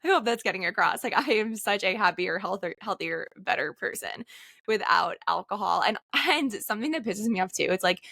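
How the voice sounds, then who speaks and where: A woman's voice: medium pitch, lively intonation, brisk, gravelly, bright, forceful tone, dry recording, studio quality. A woman in her late twenties hosting a podcast, talking in a candid, heartfelt way and filling her speech with "like.". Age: late 20s. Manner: candid, heartfelt, frequent "like" fillers. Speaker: podcast host. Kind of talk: casual chat.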